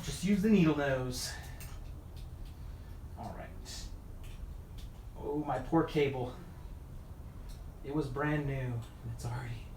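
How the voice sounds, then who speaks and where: A man's voice: medium pitch, slow, long pauses, a little mellow. A tired man chatting to a livestream audience and muttering to himself while he works on a bike. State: tired after hours of work. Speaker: mountain bike video creator. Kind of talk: casual livestream chat while wrenching. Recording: echoey room with faint noise.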